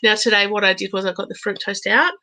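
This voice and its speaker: A woman in her thirties hosting a live oracle card reading, chatty and bubbly, laughing often and slowing into a gentle coaching tone. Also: medium pitch, steady tone, poor audio. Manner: slows into gentle, coaching tone for affirmations. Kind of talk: live-stream chat with viewers.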